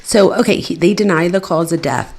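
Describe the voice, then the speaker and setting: Low, gravelly woman hosting a livestream. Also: brisk, a little mellow. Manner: chatty, addresses viewers as "you guys". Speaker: true crime commentary host. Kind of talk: casual livestream commentary.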